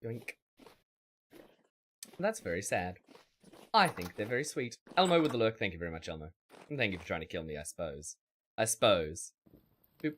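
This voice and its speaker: A man's voice: on the low side, big pitch swings, a little fast, pauses often, a bit bright, a little hiss or hum. A man streaming a survival game, rambling in a wry way and chatting with his viewers. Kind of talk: casual gameplay commentary.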